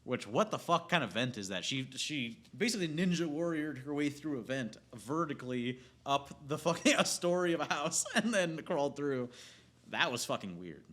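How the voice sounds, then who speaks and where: A man's voice: fairly high pitch, expressive, moderate pace, a bit bright. A man giving a casual, rambling, profane film rant, often breaking into laughter. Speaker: movie reviewer.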